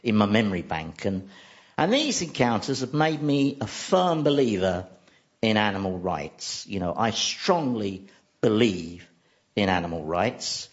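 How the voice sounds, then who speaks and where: Casting: wry comedian, animated delivery, slightly dull recording. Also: male voice, fairly low pitch, a little slow. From central London. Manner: dry, wry, self-mocking. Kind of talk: comic monologue.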